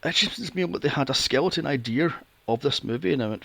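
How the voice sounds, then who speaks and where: A man's voice: on the high side, expressive, fast, vocal fry, fairly bright tone, no echo. A man hosting a casual film review podcast, sarcastic and swearing freely. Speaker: podcast host.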